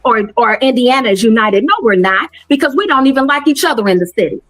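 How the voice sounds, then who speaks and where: A woman's voice: fairly high pitch, fast. A woman co-hosting a casual talk show, speaking earnestly and preachily about her community. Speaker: podcast co-host. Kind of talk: casual chat.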